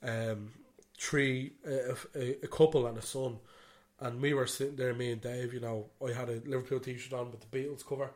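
A man's voice: medium pitch, steady tone, moderate pace. Chatty Irishman telling a story. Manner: rambling, swears freely, "you know what I mean". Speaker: podcast co-host. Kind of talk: casual chat.

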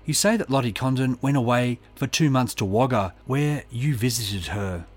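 A man's voice: mid-range voice, normal speed, soft background music, lightly acted. A man voicing a stern male prosecuting barrister who presses the witness with pointed questions. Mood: pressing.

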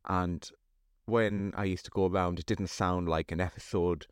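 A man's voice: sits low, steady tone, moderate pace, clean tone, dry recording, clean studio sound. A man co-hosting a podcast in casual chat, easygoing and teasing. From North East England. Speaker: podcast co-host.

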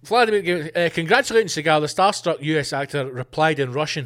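A man's voice: a little high, brisk, fairly bright tone. A man hosting a podcast, ranting in a sweary, sarcastic comic monologue and slipping into mock voices. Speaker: podcast host.

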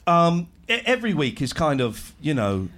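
A man's voice: on the high side, big pitch swings, moderate pace, fairly bright tone. A middle-aged man in casual banter, jokey and rambling, laughing often as he talks.

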